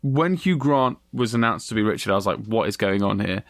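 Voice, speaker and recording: A man co-hosts a film review podcast in a chatty, animated way, dropping the odd swear word. His voice sits at an ordinary pitch and sounds dry and close to the mic. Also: brisk, no room sound. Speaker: podcast co-host. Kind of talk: casual film review chat.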